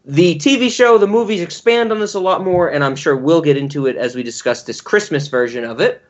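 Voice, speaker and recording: A man's voice: on the high side, brisk, lo-fi sound. A man co-hosting a podcast, giving long-winded, rambling explanations in casual chat. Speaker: podcast co-host.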